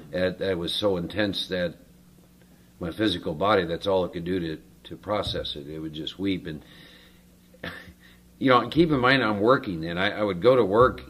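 Deep-voiced man giving halting testimony. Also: slight background noise. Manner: earnest, halting with frequent fillers. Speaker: recovery workshop speaker. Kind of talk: personal testimony to a group.

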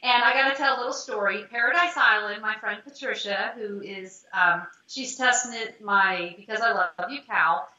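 Bright-voiced woman in an echoey room. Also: mid-range voice, normal speed, few pauses. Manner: animated storyteller who acts out quotes. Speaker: podcast co-host. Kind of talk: casual storytelling chat. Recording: echoey, dull lo-fi sound.

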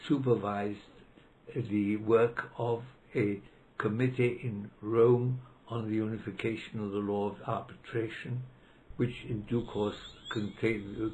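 A man's voice: medium pitch, a little mellow, low-quality recording. Man in his nineties, reminiscing interviewee, hesitant delivery with fillers, faint hiss. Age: 90s. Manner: hesitant, with many fillers and restarts. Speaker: interviewee, retired law professor. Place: library room.

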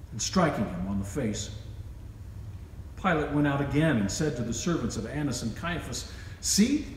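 A man's voice: a little high, a little mellow. A man reading scripture aloud at a worship service, raising his voice for the quoted lines. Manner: raises his voice for quoted speech. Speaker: scripture reader. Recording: echoey church with long reverb, faint hiss.

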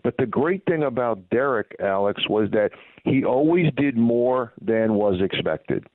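A man recounts stories as a call-in guest, circling back with plenty of "you know" along the way. His middle-pitched voice comes through a thin, narrow phone line with no room sound at all. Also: expressive, unhurried, dry recording. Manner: rambling anecdotes full of "you know" fillers. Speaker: former baseball team PR manager, guest. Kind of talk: phone interview storytelling. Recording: tinny dry phone line.

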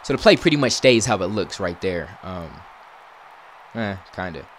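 A young gaming YouTuber with a slightly low voice gives casual commentary over a football video game at a moderate pace, chatty and relaxed with his audience. He often bursts into loud, exasperated yelling at the plays, over a faint hiss of noise.

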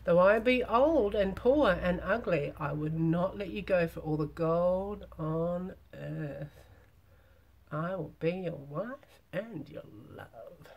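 A woman voicing a withered, crafty old hag in a storybook reading, with husky, insistent speech. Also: lowish voice, slow pace, muffled recording, heavily acted. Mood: demanding.

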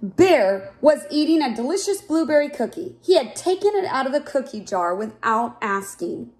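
A woman reading a children's picture book aloud in a clear, expressive way. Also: sits high, normal speed. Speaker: storyteller.

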